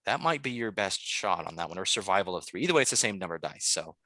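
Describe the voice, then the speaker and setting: A man's voice: deep voice, sing-song, quick pace, bright, forceful tone, slight background noise. A man running a tabletop game as game master, talking in a loose, rambling way with many fillers.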